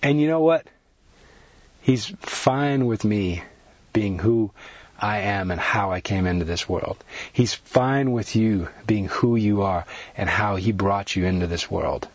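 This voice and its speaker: A man delivers an earnest sermon, stacking repeated phrases and pressing his points with rising emphasis. His voice is a little husky, at an ordinary pitch for a man. The recording is dry and dull, with a muffled lo-fi edge. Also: no room sound. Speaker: preacher.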